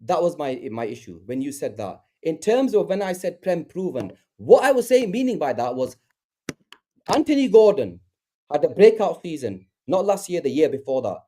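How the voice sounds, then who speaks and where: Male football pundit, heated and repetitive, very lively intonation. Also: on the high side, moderate pace. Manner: animated, argumentative, repeats himself, talks over others. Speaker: podcast panelist.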